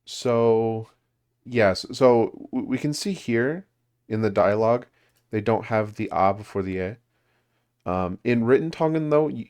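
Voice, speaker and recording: A man's voice: lowish voice, a little mellow. A man leading a language study group, explaining grammar casually with many fillers and restarts. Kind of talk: casual teaching over a call.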